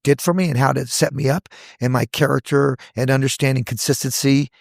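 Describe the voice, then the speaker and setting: A man in his sixties, a hair educator, telling stories from his career in a lively podcast chat, acting out the voices of people he quotes. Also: mid-range voice, brisk, gravelly, dry recording, studio quality. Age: 60s. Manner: animated storyteller, acts out quoted voices. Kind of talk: casual podcast storytelling.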